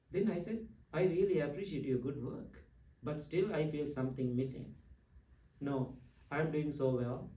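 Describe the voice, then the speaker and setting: A man's voice: mid-range voice, mellow. A man from Sri Lanka, a Buddhist monk giving a dharma talk full of stories, playful and teasing as he questions his listeners. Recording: echoey room, far from mic.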